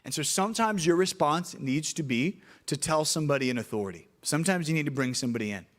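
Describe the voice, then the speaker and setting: A young man, preaching to middle schoolers in an animated storytelling way. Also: on the high side, fast. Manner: animated storytelling, acts out voices in anecdotes. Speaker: youth pastor.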